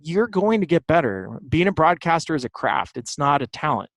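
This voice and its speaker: A man from Southern California, a baseball broadcaster and guest, telling animated stories in casual chat. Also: fairly high pitch, normal speed, no echo. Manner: animated storytelling, fond of quoting others.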